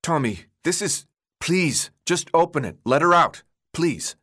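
Audiobook role: a man playing a weary teenage boy, urgent and pleading, lively pitch. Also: measured pace, slightly rough, exaggerated voice.

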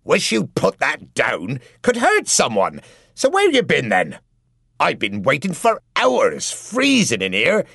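A man's voice: fairly high pitch, huge pitch swings, slow pace, gravelly, a bit bright, slightly rough, dry recording, studio quality, pitched above the performer's own voice, full character voice. A man voicing a grumbling, chatty seal-like male marsh creature in an audiobook. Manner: complaining, chatty.

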